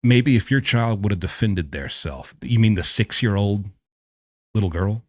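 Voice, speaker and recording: A man's voice: fairly low pitch, lively intonation, moderate pace, no room sound, studio quality. A man hosting a casual commentary video, talking in a sarcastic, exasperated way with scoffing remarks. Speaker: true-crime commentary host.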